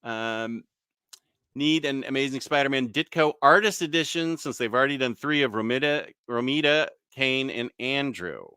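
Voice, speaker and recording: An easygoing man hosts a live stream and chats his way through viewer comments, loose and conversational. His voice is bright and forward, and it comes through clean and smooth. The sound is close and dry, with no room around it. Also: mid-range voice, normal speed, dry recording. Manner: easygoing, chatty, with frequent fillers and mild self-corrections.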